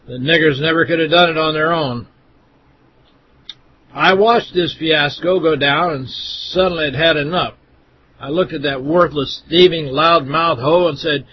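Husky male reader, fairly high voice, blunt and contemptuous delivery, dull lo-fi recording. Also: normal speed. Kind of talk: first-person reading aloud.

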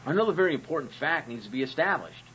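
A man's voice: a little high, sing-song, fast, pushed and bright, dull audio, slight background noise. A man hosting a comedic monologue on religion, sarcastic and profane, who keeps asking rhetorical questions. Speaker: host.

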